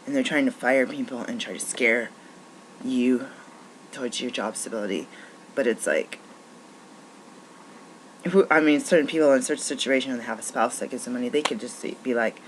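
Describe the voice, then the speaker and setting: A woman's voice: extremely low pitch, normal speed, pauses often, a little hiss or hum, rough recording. A woman who works as a naturopathic doctor, venting in a frustrated, rambling monologue full of restarts.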